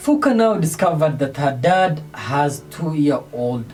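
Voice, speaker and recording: A woman narrating scripted story links in a lively, simple storytelling way. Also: deep voice, slow pace, far from the mic, faint music behind. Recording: voice set back from the mic.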